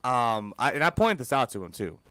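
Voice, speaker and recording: A man's voice: mid-range voice, brisk, no room sound. A man co-hosting a podcast, telling stories animatedly in casual, profane banter. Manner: animated storyteller, profane, mimics people. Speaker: podcast co-host.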